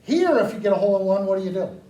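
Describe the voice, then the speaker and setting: Brief: high, mellow-toned man working a room, joking and quizzing the audience; echoey hall, distant mic. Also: rapid-fire. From United States. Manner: animated, joking, asks the crowd questions. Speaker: speaker addressing a live audience. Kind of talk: lively talk with audience questions. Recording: echoey room, mic far off, faint noise.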